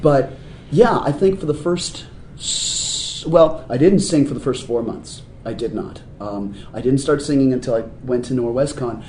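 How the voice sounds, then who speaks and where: A male musician guest talks through his stories in a casual interview, breaking into laughter often. His voice sits at an ordinary middle pitch. The recording is roomy and echoey, with a faint hiss underneath. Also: moderate pace. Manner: animated storyteller, laughs often. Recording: roomy echoey room sound.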